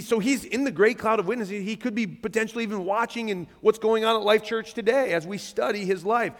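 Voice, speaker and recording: High-voiced pastor in a reverberant hall. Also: male voice. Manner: conversational, animated, reads scripture aloud. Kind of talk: sermon. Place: church stage. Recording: long reverb of a church hall.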